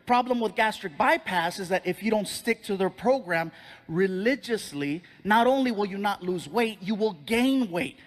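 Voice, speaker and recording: A male stand-up comedian telling an animated story on stage and acting out other people's voices. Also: high voice, moderate pace.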